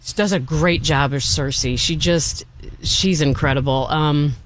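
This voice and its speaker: An enthusiastic man talks through a film in loose, casual chat, circling back and restarting his sentences as he goes. His voice sits a little on the high side for a man. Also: measured pace, a bit bright, slight background noise. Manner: enthusiastic, rambling, with many restarts. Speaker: film reviewer.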